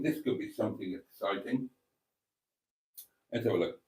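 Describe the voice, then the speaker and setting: A man's voice: on the low side, moderate pace, darkish tone. A man hosting a casual live stream, rambling through a story and reading out viewer comments.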